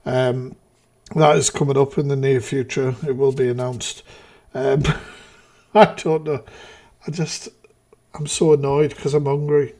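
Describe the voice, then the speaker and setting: A man's voice: medium pitch, steady tone, measured pace, darkish tone. A man hosting a live reaction stream, talking casually with exasperated, profane rants.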